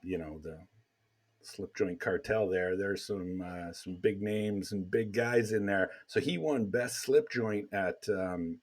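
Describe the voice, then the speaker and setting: A man hosts a casual podcast chat, relaxed and rambling with plenty of fillers. His voice sits low, with a slow pace and a breathy edge.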